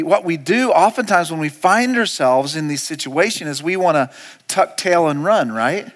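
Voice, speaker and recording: A male pastor preaching a sermon. He speaks straight to the congregation, moving from hushed, slow lines to loud, repeated commands. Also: a little high. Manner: speaks to the congregation directly, asking questions and calling out to them.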